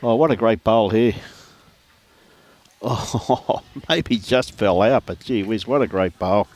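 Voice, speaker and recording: This Australian man, speaking slowly in a lowish, darkish voice, calls a lawn bowls match live from outdoors. It's sports commentary blended with casual talk as he laughs a lot and says hello to viewers by name.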